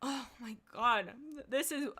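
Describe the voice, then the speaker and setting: A young woman hosting a livestream, reading fan stories aloud with chatty, excitable commentary and frequent giggles. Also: a little high, slow, husky. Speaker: livestream host.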